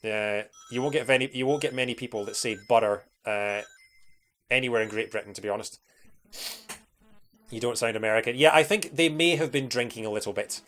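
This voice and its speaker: A young Scottish man talks off the cuff during a gaming livestream. He rambles, restarts his sentences and fills the gaps with ums and uhs, and his pitch sits in an ordinary middle range. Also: a little fast, a bit bright. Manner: rambling, chatty, many fillers and restarts. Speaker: streamer. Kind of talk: casual livestream chat while playing.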